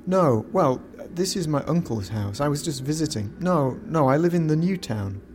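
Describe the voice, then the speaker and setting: A man's voice: a little high, expressive, moderate pace, a little mellow, a little hiss or hum, voice pushed up, natural voice. A man playing a young, elegant male journalist who talks in a friendly, reassuring way.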